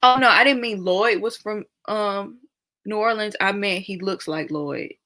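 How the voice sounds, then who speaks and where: A woman's voice: mid-range voice, a little slow, bright, forceful tone. A young woman hosting a casual live stream, chatting and reacting to viewer comments with frequent laughter.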